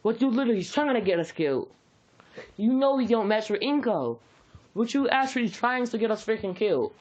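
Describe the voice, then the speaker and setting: A narrator voicing a panicked mother who scolds her son quickly and shrilly. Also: mid-range voice, lively intonation, darkish tone, dull audio, voice pushed up, close to an everyday voice. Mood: scolding.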